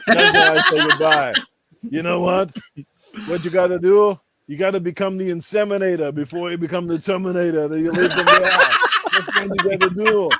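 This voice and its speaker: A man's voice: high-pitched, noisy background. A man doing a crude, boastful action-star impression. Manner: vulgar, boastful, rambling rants. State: rough throat.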